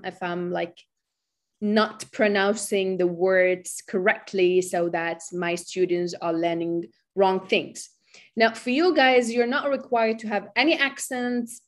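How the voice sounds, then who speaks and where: A woman lecturer who speaks Arabic natively, teaching business English on a video call and explaining patiently with examples. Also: medium pitch. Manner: encouraging, explains with examples, frequent fillers. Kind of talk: online lecture with student Q&A.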